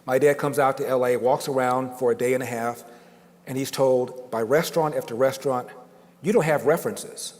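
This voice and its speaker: A man's voice: medium pitch, steady tone, brisk, a little mellow. An older man giving a storytelling speech to an audience, dramatic and building emphasis through repetition. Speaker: guest speaker. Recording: long reverb of a large hall.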